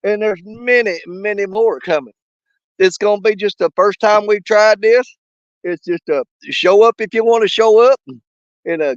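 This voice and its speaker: Coughing folksy man with a bright voice. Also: high-pitched, no echo. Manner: folksy, laughs often, drawn-out shoutouts. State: sick with a cough and fever. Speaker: fishing channel host. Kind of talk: casual live chat shoutouts. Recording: dull, dry, lo-fi sound.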